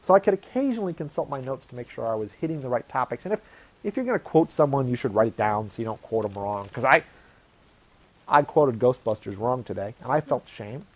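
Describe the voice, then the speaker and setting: A man hosts his own show, rambling casually and poking fun at himself. His pitch swings a lot as he acts out quoted lines. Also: very animated, fairly quick. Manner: self-deprecating, rambling, laughs at himself. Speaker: host.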